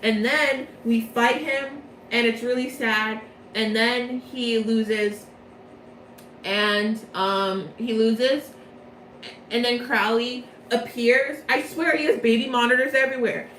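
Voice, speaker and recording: A woman's voice: fairly high pitch, steady tone, slow, a bit bright. Brief: casual, self-correcting woman recapping a story, distant mic, faint background hum. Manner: rambling, chatty, self-interrupting. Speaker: vlogger. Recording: echoey room, mic far off.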